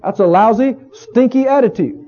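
A man's voice: extremely high pitch, moderate pace, warm tone. A male pastor preaching a sermon in a folksy, emphatic way, often repeating his phrases for weight. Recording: dull lo-fi recording.

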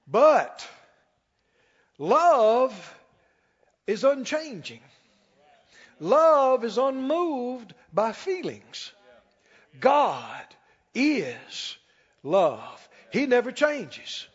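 A man preaching a sermon as pastor, emphatic, slowing down and rising on key lines. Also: very high-pitched, very animated, breathy edge. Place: church sanctuary. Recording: dull sound with long hall reverb.

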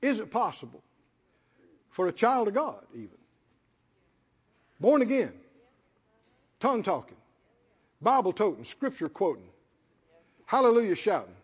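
A man's voice: high voice, sing-song, unhurried, pauses often, husky. A man preaching a sermon as pastor in a church, emphatic, repeating phrases for stress and putting questions to the congregation. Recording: dull lo-fi sound with long hall reverb.

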